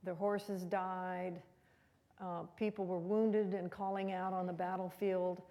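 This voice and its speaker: A woman's voice: on the low side, flat delivery, takes it slowly, warm tone, long reverb tail. A woman giving a conversational, rambling history talk as a guest speaker in a museum room.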